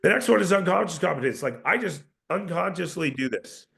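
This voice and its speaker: A sales trainer with a gravelly, somewhat raised male voice runs a live session for his team. He fires off rhetorical questions and restarts his sentences as he coaches. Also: sits high, expressive, a little fast, a bit bright.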